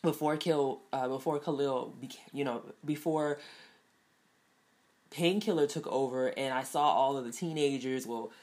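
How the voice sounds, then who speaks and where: A woman's voice: rumbling low, moderate pace, darkish tone. A woman casually reviewing a TV episode, chatty, with lots of fillers and frequent laughs. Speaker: TV show reviewer.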